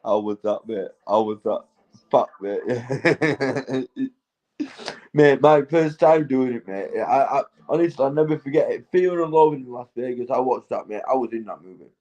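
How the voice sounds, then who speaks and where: A British man, high, rambling loosely and laughing between crude remarks while chatting on a livestream. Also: normal speed, warm tone, poor audio. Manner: rambling, sweary, laughs often. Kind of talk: rambling casual livestream chat.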